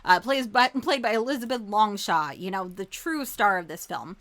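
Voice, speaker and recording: A woman's voice: mid-range voice, lively intonation, normal speed, a bit bright. A woman podcast host giving a chatty, rambling recap of a movie, swearing freely and laughing as she goes.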